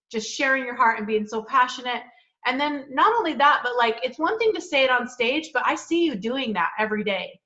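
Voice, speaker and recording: A woman's voice: a little high, pushed and bright. A woman on a team video call speaking with enthusiastic, heartfelt praise. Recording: dull video call audio.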